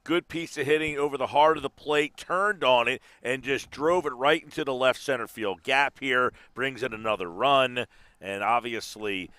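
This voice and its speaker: A man's voice: medium pitch, moderate pace, pushed and bright, clear, resonant tone, dry recording. A man with a Californian accent giving color commentary on a baseball game into a headset, breaking down plays conversationally.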